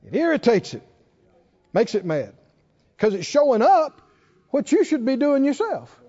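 A male preacher giving an animated sermon, reading scripture aloud and acting out the quotes. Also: extremely high pitch, measured pace. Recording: dull recording in a reverberant hall.

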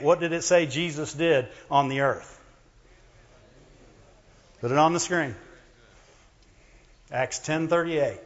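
A man preaching a sermon to his church, talking conversationally, calling for amens, and swinging between loud emphasis and quiet low asides. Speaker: pastor. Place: church hall. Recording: muffled lo-fi recording in a reverberant hall.

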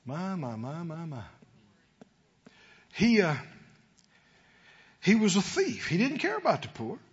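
A man's voice: sits high, wildly swooping pitch, slow pace, breathy edge. A man preaching a sermon to a congregation, calling for responses and rising to emphatic peaks. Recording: lo-fi church recording with long reverb.

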